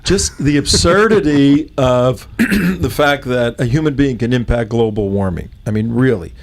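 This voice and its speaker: A middle-aged man hosting a political talk show, opinionated and halting, often restarting his sentences. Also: mid-range voice.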